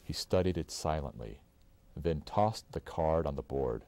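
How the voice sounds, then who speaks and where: Man reading a storybook aloud, animated. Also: rumbling low, a little slow, vocal fry, no echo. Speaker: parent reading to his child. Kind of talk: reading a children's book aloud. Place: indoors.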